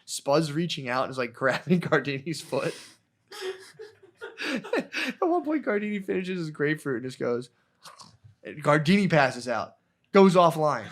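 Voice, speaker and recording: A man's voice: on the high side, animated, moderate pace. Profane rambling male podcast host. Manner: rambling, profane, laughing through stories. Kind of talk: casual storytelling chat.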